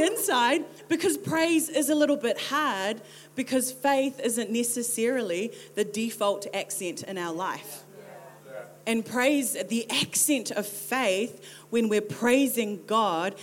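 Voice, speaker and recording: A woman's voice: fairly high pitch, measured pace. Joking New Zealand woman preaching. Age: 30s. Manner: lively and joking, with playful impressions. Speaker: pastor. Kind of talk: sermon.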